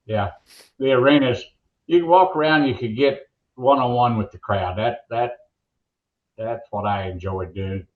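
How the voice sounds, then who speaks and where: An older man who's a veteran monster truck announcer spins folksy yarns and jokes as an interview guest, rambling and restarting. His lowish voice comes over an echoey, muffled remote line.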